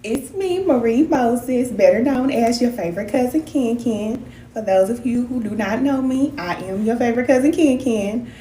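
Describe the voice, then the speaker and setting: Woman on a spiritual live, folksy and lively, higher voice, echoey room with faint hum behind. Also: moderate pace. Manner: animated, folksy, addresses viewers as cousins. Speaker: spiritual wellness practitioner and live host. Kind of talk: casual live-stream spiritual talk.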